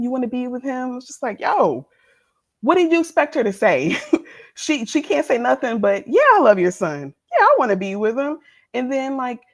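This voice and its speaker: A woman co-hosting a podcast, chatting casually about a reality show, laughing often and acting out the people she quotes. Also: fairly low pitch. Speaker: podcast co-host. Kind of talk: casual reality TV review chat.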